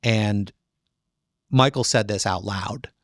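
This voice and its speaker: A middle-aged man, a trial attorney, telling a story in a casual interview, lively, acting out other people's voices in quotes. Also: on the low side, takes it slowly, no room sound, studio quality.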